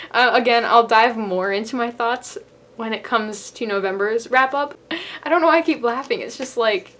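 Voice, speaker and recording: A woman's voice: fairly high pitch, moderate pace, fairly bright tone. Giggly young woman chatting about books. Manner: giggly, laughs often while talking; rambling, filler-heavy. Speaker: book vlogger. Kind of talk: casual book review chat.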